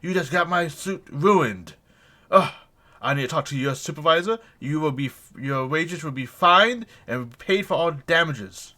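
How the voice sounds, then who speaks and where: Pompous halfling aristocrat, loud and haughty, bright-voiced, put on by a man. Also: a little high, lively intonation, a little slow, pitched above the performer's own voice. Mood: indignant. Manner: haughty, indignant, self-important. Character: pompous wealthy male halfling gentleman.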